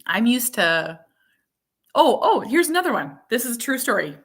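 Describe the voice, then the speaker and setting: A woman in her thirties, a mother, talking casually on a live chat stream, rambling with many fillers and quick laughs. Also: fairly high pitch, very animated, husky.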